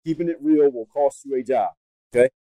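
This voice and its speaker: Fast-talking, blunt American podcast host. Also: male voice, medium pitch, dark tone, dry recording, rough recording. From United States. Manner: fast, blunt and emphatic, repeating points. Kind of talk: advice podcast monologue.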